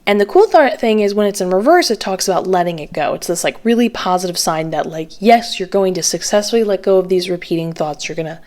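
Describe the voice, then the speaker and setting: A woman giving a tarot reading to camera in a casual, chatty way, with lots of fillers and her pitch jumping up on stressed words. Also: lively intonation, fast, hardly any pauses, a little mellow. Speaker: tarot reader.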